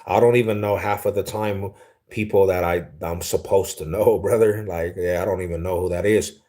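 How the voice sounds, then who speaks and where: A laid-back young livestream host from Denver, Colorado, chats casually while reading viewer comments. His low, warm voice holds a steady tone at a moderate pace, and he comes across as slangy and easily amused.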